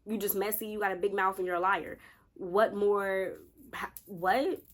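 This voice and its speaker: A woman in her late twenties telling a college story to her viewers in a casual, animated way, calling them y'all and acting out what people said. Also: mid-range voice, a little slow. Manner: animated, addresses viewers as y'all, acts out quotes. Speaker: storytime vlogger.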